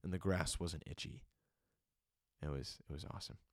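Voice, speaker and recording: A young man with an extremely low voice hosts a solo podcast, sharing a personal testimony at a normal speed in a clean studio recording with no room sound. Earnest and emotional, he uses many fillers and starts out joking before turning reflective.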